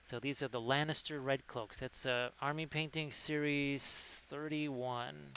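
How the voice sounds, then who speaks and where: A man's voice: mid-range voice, fairly even intonation, a little slow, fairly bright tone, a little hiss or hum, low-quality recording. A man hosting a casual livestream who rambles and reads chat messages aloud. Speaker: livestream host. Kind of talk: casual chat while painting.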